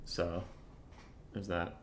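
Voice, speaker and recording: A man's voice: low voice, little pitch movement, very slow. A young man streaming a competitive strategy game, chatting casually about matchups and breaking into mock-furious rants. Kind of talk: casual live-stream commentary.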